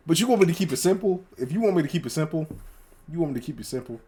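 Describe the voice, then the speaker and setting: A man co-hosting a podcast in casual chat, animated and swearing freely as he acts out scenes. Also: on the high side, rapid-fire, crowd noise. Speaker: podcast co-host.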